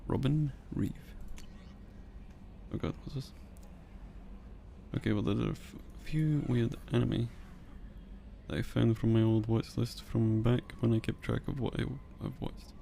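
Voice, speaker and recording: A man's voice: medium pitch, fairly even intonation, normal speed, vocal fry, mellow, a little hiss or hum. A man streaming a video game live, chatting casually and rambling, with mild swearing while he answers chat.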